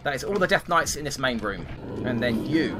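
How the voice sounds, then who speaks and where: A man's voice: mid-range voice, expressive, fairly quick, heavy background noise. A man giving live commentary over his own gameplay, thinking aloud and swearing at the game in exasperation. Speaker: gaming commentator. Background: game music.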